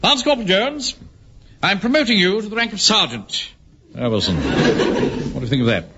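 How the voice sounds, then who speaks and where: A pompous blustering bank manager. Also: male voice, high-pitched, big pitch swings, normal speed. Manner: pompous, self-important and blustering. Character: pompous middle-aged male bank manager and platoon captain. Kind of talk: 1970s radio sitcom acting. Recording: hissy, dull old radio recording.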